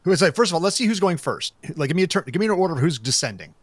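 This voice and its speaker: A man's voice: on the high side, very animated, racing, slightly rough, no echo. A man running a comedy tabletop game as game master, joking, swearing and laughing as he narrates. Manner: laughing, crude banter.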